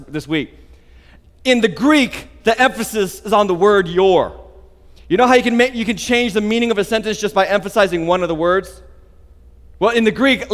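Male pastor, high voice, lively emphatic sermon delivery, long hall reverb. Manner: animated, emphatic preaching with asides.

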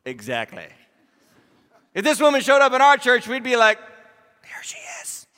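A man as lead pastor, preaching a sermon with animated, humorous storytelling that acts out Bible scenes. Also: extremely high pitch, moderate pace, big-room sound.

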